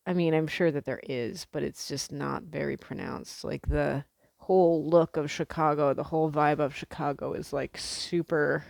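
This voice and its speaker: A woman's voice: sits low, steady tone, normal speed, vocal fry, a little mellow, no room sound. A young woman from the Midwest chatting casually to camera as a vlogger, rambling with lots of fillers and the odd swear word.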